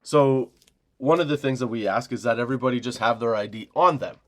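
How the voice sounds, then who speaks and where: A man in his forties hosting a comedy podcast, telling a rambling, profane story about a job, laughing often and mimicking the people in it. He says he is high while talking. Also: a little fast. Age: 40s. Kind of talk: casual storytelling rant.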